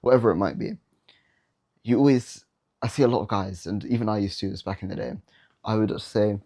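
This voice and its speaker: Blunt low-voiced young man giving advice. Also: a little fast, pauses often, warm tone. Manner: blunt and slangy, mocks the habits he warns against. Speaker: dating advice creator. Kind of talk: casual advice monologue to camera.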